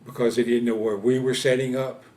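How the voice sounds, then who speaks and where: A man in his seventies from Louisiana, recounting his war experiences in an oral history interview, speaking haltingly with many pauses and fillers. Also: medium pitch, little pitch movement, a little mellow. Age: 70s. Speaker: veteran interviewee. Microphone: interview camera setup.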